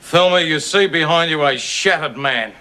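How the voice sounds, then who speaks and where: A brash, teasing husband. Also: male voice, fairly high pitch, moderate pace. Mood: smug. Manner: loud, teasing, jokey banter. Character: brash loudmouth husband, mocking and boastful. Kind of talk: sitcom acting. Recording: hiss on old TV audio.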